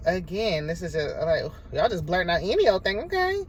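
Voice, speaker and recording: A woman's voice: lowish voice, fairly quick, slight background noise, poor audio. Sassy woman recapping reality TV. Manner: sassy, animated, talks back at the cast. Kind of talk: casual show recap and commentary.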